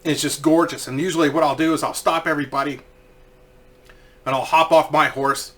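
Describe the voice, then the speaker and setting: A young man casually telling funny stories, animated, swearing freely and laughing as he goes. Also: on the high side, a little fast. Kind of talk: casual comedic storytelling.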